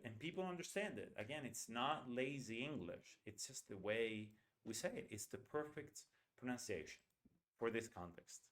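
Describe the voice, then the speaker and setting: A man giving an online English pronunciation lesson. His voice is mid-pitched. He explains patiently and repeats short phrases, sometimes slowing them down to show each sound. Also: animated, fairly bright tone. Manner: slows down to spell out sounds.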